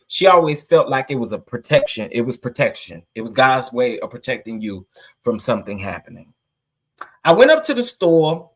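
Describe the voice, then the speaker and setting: A man vlogging casually to his viewers, emphatic and emotional, greeting people in the chat. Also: on the high side. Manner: emphatic, preachy, greets live chatters, emotional.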